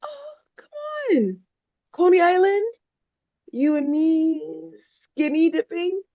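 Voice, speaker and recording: A woman's voice: high voice, normal speed, dry recording, narrow, tinny audio. An actress playing a millennial woman who is defensive with her parents and playful with her boyfriend. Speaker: Anna.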